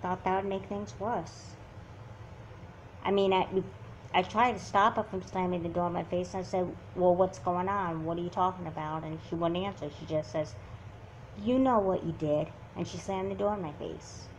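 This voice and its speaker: A woman's voice: on the low side, steady tone, moderate pace, slight background noise, natural voice, low-quality recording. A woman voicing a hurt, confused teenage girl who talks in a subdued, sullen way in an amateur doll movie. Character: hurt, confused teen girl, sulky and quiet.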